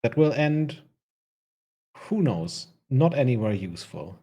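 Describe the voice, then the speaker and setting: A man's voice: medium pitch, sing-song, unhurried, mellow, slightly rough. A man narrating a tabletop fantasy game as game master, often laughing as he describes the scene.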